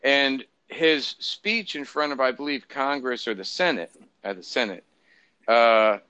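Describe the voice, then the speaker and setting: Rambling sarcastic man, bright and dry. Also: medium pitch, a little slow, clean tone, no echo, lo-fi sound. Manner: rambling, sarcastic, profane, many fillers and restarts. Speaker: podcast co-host. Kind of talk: casual political chat.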